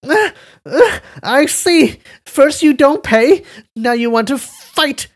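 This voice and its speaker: A man voicing a rude, cowardly inn manager in a live story reading, shrill and whining. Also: lively intonation, slow pace, full character voice. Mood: howling. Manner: loud and whining.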